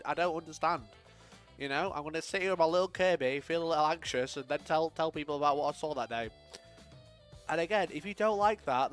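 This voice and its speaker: A young man from Sheffield, chatting casually to his live-stream audience, swearing freely and laughing often. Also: fairly high pitch. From Sheffield, England. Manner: sweary, laughs often, swings loud and quiet.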